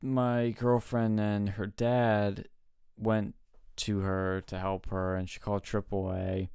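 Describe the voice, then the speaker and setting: A man co-hosting a casual talk show, telling stories excitedly and swearing often. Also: fairly low pitch, takes it slowly, vocal fry, clear, resonant tone, dry recording, clean studio sound. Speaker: co-host. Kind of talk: casual chat.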